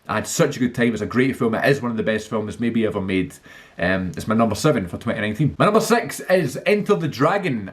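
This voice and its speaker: A man in a casual vlog who chats eagerly and rambles, full of fillers and restarts. His pitch sits in an ordinary middle range. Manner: enthusiastic. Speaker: film vlogger. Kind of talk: casual movie list monologue.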